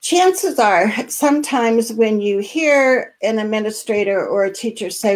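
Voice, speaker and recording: A woman hosting a live online training, speaking in a calm, assertive and encouraging way, with frequent filler words. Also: a little high, a little slow, hardly any pauses. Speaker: host and special education advocacy trainer.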